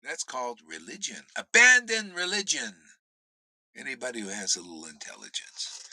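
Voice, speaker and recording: A man teaching on devotion in a blunt, profane, informal rant, swinging between shouts and low muttered asides. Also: huge pitch swings, moderate pace, no echo, low-quality recording. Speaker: spiritual teacher.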